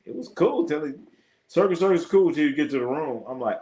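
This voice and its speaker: This is a man running a casual live sports stream, full of swearing, laughter and stories. His voice sits a little high and swings widely in pitch. He plays the people in his stories himself, in loose and lively chat. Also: brisk. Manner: animated, profane, laughs often, acts out quoted exchanges. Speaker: live sports show host.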